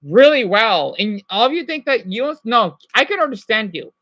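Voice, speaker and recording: Casting: American man, bright voice, rambly live-stream chatter, stumbles and restarts. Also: high voice, very animated, moderate pace. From United States. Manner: rambling, many restarts and fillers. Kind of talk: casual live chat with viewers.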